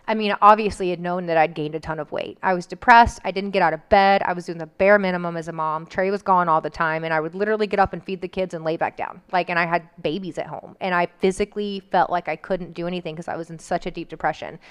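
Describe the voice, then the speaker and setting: A woman's voice: fairly low pitch, steady tone, fast, few pauses, smooth. A woman telling a personal story in casual chat, candid and emotional, with frequent "like" fillers.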